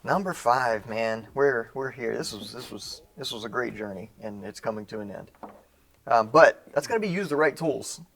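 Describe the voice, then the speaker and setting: A man's voice: mid-range voice, animated, moderate pace, gravelly, a bit bright, a little hiss or hum. A man co-hosting a casual gunsmithing how-to, explaining assembly in a jokey, self-mocking way. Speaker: gunsmithing co-host. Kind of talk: casual instructional banter.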